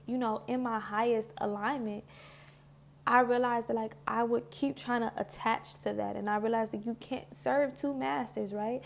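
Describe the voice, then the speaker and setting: In a fairly high, gravelly voice with a darkish tone, a woman reflects on spiritual healing in a casual talk to camera. She's earnest and heartfelt, loose and full of "like"s, and emotional enough to be near tears.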